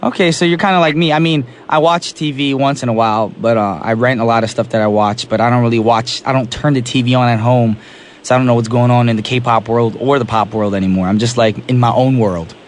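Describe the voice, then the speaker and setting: Fast-talking young male radio DJ. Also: medium pitch, a little hiss or hum. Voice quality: hoarse, recovering from sore throat. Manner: energetic, chatty, laughs easily. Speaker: radio DJ host. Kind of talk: casual radio chat. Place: radio studio. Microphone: studio microphone.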